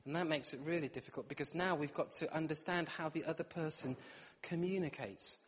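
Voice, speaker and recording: A man's voice: fairly high pitch, a little fast, a bit bright, husky. A middle-aged man preaching a humorous sermon, playful and self-mocking, acting out bits of dialogue. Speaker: pastor. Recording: long hall reverb.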